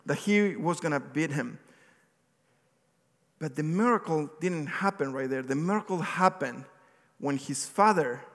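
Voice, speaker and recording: Preacher man in an echoing hall. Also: fairly high pitch. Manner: animated storytelling, acts out quotes, some slips and restarts. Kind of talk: sermon retelling a Bible story. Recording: long hall reverb.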